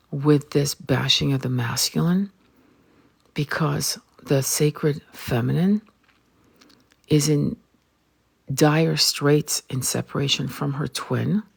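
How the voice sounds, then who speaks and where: A woman's voice: sits low, creaky, darkish tone, breathy edge. A woman tarot reader giving a blunt, emphatic spiritual vlog monologue and swearing freely.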